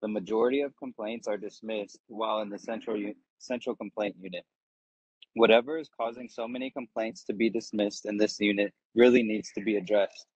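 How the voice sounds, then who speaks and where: A man from California giving a measured, prepared public comment over a call. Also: on the low side, a little mellow, husky, no room sound. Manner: measured, reading a statement. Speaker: public commenter, consumer advocacy volunteer. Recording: dull dry call audio.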